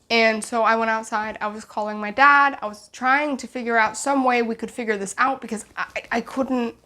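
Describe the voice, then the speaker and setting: A woman's voice: mid-range voice, pushed and bright. A young woman vlogger telling a personal story in a casual, emotional, rambling way, full of restarts and acted-out dialogue.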